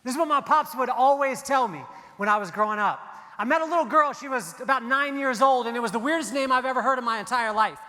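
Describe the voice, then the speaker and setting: A keynote speaker delivers a motivational speech on a large hall's stage, mixing stories with jokes for the crowd. He talks fast in a very high-pitched, sharp-toned voice, and long hall reverb trails his words.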